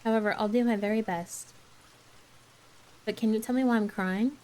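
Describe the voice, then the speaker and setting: A woman puts on a dreamy, excitable orphan girl in a soft ASMR bedtime storybook reading. The girl pleads and gushes in a slightly higher, slower, breathless voice. Her voice sits mid-range for a woman. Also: lightly acted, low-quality recording. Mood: gushing.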